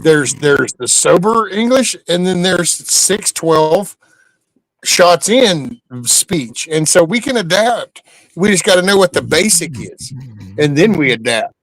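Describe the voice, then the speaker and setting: A man's voice: high-pitched, lively intonation, slow, a bit bright, no echo, low-quality recording. A man, hosting a casual chat and joking with his guest.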